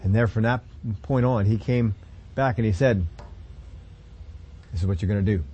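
A man preaching a sermon, emphatic, with sudden loud stressed words between quieter explaining. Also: on the low side, moderate pace, breathy edge, lo-fi sound.

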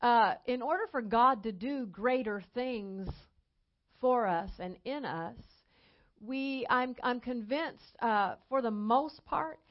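A woman evangelist preaches with emphasis, slowing down and lifting her voice on key lines. Her voice sits fairly high. The recording is dull and lo-fi. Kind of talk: sermon. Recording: dull lo-fi sound.

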